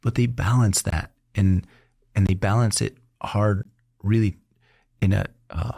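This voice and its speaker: A man's voice: on the low side, measured pace, vocal fry, husky, no room sound, clean studio sound. A middle-aged man hosting a casual interview, telling stories with lots of laughter and acting out the voices of people he quotes. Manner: animated storyteller who laughs often and acts out quotes. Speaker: doctor and podcast host.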